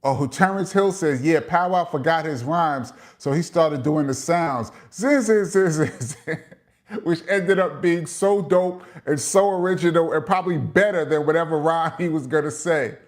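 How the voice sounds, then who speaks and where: A man's voice: on the high side, moderate pace. Chatty New York man reading comments. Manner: long-winded, shouts out viewers, reads comments aloud. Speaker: host of a live chat show. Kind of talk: casual livestream chat, reading viewer comments.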